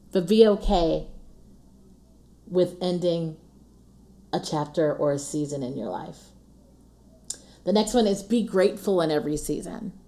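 A woman's voice: fairly low pitch, a little mellow. A woman, hosting an earnest, encouraging faith-based monologue in a casual tone, often laughing and repeating her refrains. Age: 40s. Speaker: podcast host.

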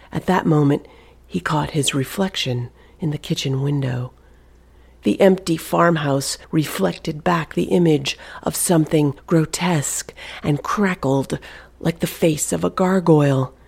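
A narrator reading a suspenseful novel aloud, in a hushed delivery that often drops to a whisper. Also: mid-range voice, vocal fry, husky. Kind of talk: audiobook narration.

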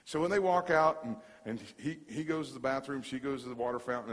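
A man preaching a sermon as a pastor. He tells stories in an animated way, repeats words and acts out the dialogue. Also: mid-range voice, fast talker, hardly any pauses, big-room sound.

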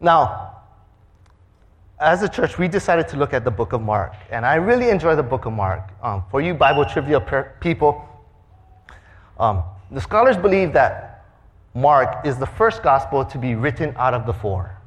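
A pastor preaches a sermon, animatedly telling a story with acted-out sound effects and quoted voices. His voice is medium in pitch and his pace moderate.

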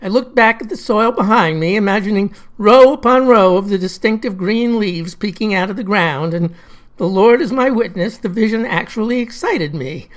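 A woman's voice: mid-range voice, normal speed. A woman tells a comic first-person story in a folksy, old-fashioned way. Her phrasing is drawling and down-home. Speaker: narrator.

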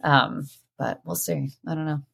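Low-voiced woman chatting casually. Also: unhurried, creaky, slightly rough. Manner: animated, storytelling, laughs often. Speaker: podcast co-host. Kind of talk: casual chat.

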